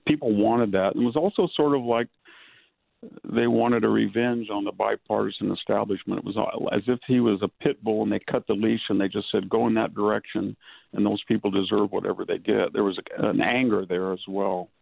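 Older male guest, low gravelly voice, thin phone-line sound, analytical interview talk. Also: fairly even intonation, no echo. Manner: measured, analytical, digressive. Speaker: guest, historian and author. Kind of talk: political interview. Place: rural California. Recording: dry phone-line audio.

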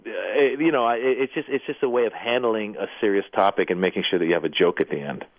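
A man with a low-set voice tells anecdotes as a radio interview guest, slipping into the voices of the people he quotes. His line comes through thin and tinny, like a phone call, with a completely dry sound. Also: fast talker, dry recording. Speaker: comedian and actor, interview guest.

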